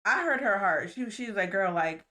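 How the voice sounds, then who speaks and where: A woman's voice: mid-range voice, animated, brisk, sharp tone. A young adult woman, a guest in a casual chat, telling her story earnestly and laughing often.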